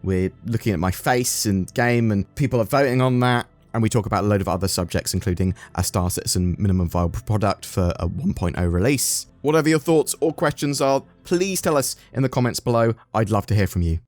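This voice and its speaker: A man's voice: fairly low pitch, brisk, hardly any pauses, darkish tone, faint music behind. A man with an English accent hosting a gaming channel, giving casual game news commentary and often saying "sort of". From England. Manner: chatty, often says "sort of".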